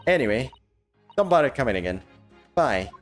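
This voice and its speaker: A man's voice: mid-range voice, sing-song, moderate pace, soft background music, natural voice. A man voicing a cynical, defiant young woman in a broad cockney-style dialect, blunt and dismissive, in a game read-through. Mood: brusque.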